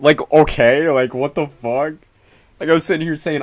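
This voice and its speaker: A young man talking straight to his livestream chat. He rambles in an animated way, swears freely and stays loose and casual throughout. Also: on the high side, moderate pace.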